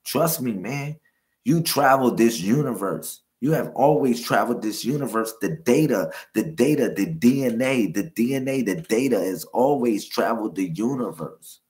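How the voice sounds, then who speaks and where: A man hosting a livestream, giving a loose, repetitive spiritual teaching full of slang and shout-outs to viewers. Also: mid-range voice, lively intonation, moderate pace. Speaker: livestream host.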